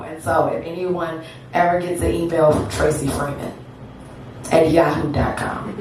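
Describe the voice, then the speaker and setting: A woman's voice: sits low, fairly even intonation, moderate pace. A woman in her thirties performing spoken word poetry live on a theatre stage, with a rhythmic repeated refrain and banter with the crowd. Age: 30s. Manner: rhythmic, repetitive refrain delivery with frequent laughter and crowd banter. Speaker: featured poet. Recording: echoey theatre, distant mic, audible hiss.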